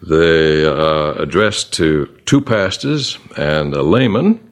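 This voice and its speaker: A man teaching a Bible study in a deep voice. His delivery is animated, rising and falling widely as he reads verses and names the commas and question marks. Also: takes it slowly. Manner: reads verses aloud with punctuation, animated emphasis.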